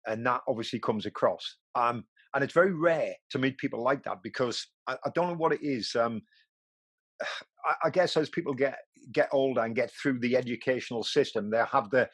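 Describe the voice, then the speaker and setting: A man hosting a podcast in casual chat, a former actor who tells lively anecdotes. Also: mid-range voice, no room sound. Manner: animated storyteller, mimics voices in anecdotes. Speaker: podcast host.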